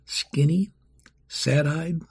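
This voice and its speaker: Gravelly, husky man reading a story. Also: fairly high pitch, fairly even intonation, extremely slow, darkish tone. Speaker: narrator. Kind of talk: storybook narration.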